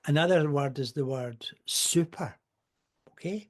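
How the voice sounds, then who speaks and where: An older man talks at a mid-range pitch as a podcast guest. He tells rambling stories with dry, wry asides, in a relaxed conversational way. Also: normal speed. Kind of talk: casual storytelling.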